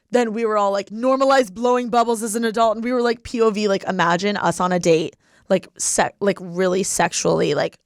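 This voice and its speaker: A woman's voice: mid-range voice, vocal fry, dry recording, clean studio sound. A young woman in her twenties hosting a podcast, chatting casually in a bubbly, giggly way with lots of filler words. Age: 20s. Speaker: podcast host. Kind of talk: casual chat. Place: living in LA.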